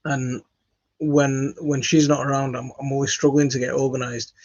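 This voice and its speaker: Guy rambling bout his garden, gravelly voice, dull phone audio. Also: medium pitch, flat delivery, normal speed, darkish tone, no echo. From West Yorkshire, England. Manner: rambling, self-deprecating, many fillers and restarts. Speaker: gardening channel host. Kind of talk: casual chat to camera. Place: home studio, indoors.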